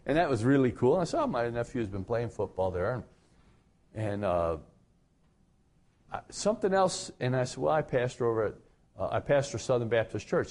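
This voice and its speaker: Animated storytelling male pastor. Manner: conversational storytelling with animated pitch jumps. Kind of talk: radio sermon.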